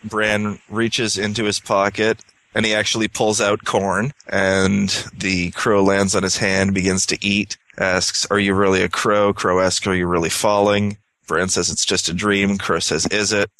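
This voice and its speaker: Man, low voice, podcast co-host, reading aloud and paraphrasing, dry close sound. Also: flat delivery, fairly bright tone, no room sound. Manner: reads aloud, then drops into quick casual summary. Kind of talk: casual book discussion, reading passages aloud.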